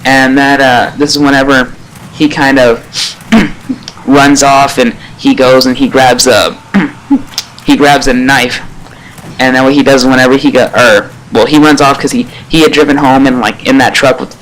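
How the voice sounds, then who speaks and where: A man giving a casual spoken episode review, rambling and excitable, with lots of fillers and casual swearing. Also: medium pitch, measured pace, low-quality recording.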